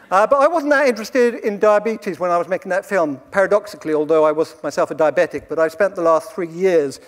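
A British man in his late fifties giving a wry, conversational live talk with slides and asides to the audience, in a lecture hall. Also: high-pitched. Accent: British English. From Britain.

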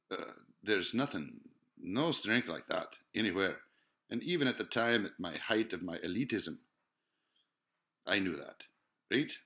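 A man's voice: fairly low pitch, bright, forceful tone. A man in a rambling, profane monologue, full of hesitations and rhetorical questions. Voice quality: profane, rambling, lots of filler sounds. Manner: digressive, musing, asks rhetorical questions.

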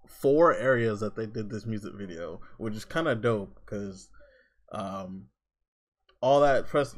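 A man's voice: medium pitch, fairly bright tone. A man hosting a reaction video who talks in a rambling, hesitant way, with lots of fillers and restarts, and laughs easily. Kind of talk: casual reaction commentary.

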